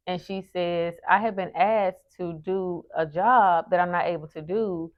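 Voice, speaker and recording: A woman's voice: on the low side, steady tone, a little slow, clean tone. A woman in her thirties, a lifestyle vlogger, telling a story to the camera earnestly, restarting her sentences as she goes. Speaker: lifestyle vlogger and event host. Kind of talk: casual talk to camera. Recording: muffled lo-fi sound.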